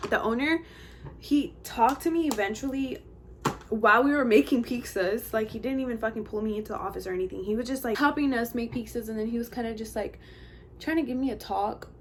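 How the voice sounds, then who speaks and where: A woman's voice: fairly high pitch, a little fast, a little hiss or hum. Chatty young woman telling a story. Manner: chatty, slangy, heavy use of "like" and "bro". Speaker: vlogger. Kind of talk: casual storytime while getting ready.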